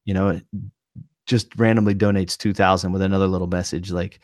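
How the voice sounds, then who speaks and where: A man's voice: low voice, fairly even intonation, brisk, a little mellow, no room sound, clean studio sound. A man co-hosting a casual podcast over a video call, rambling with lots of fillers and restarts. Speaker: podcast co-host, streamer.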